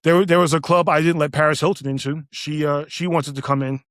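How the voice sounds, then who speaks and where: Halting ex-cop man telling stories. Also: fairly high pitch, fairly even intonation, a bit bright, no echo, clean studio sound. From United States. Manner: halting, repeats words, acts out quoted dialogue. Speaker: guest, retired police officer. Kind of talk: casual storytelling.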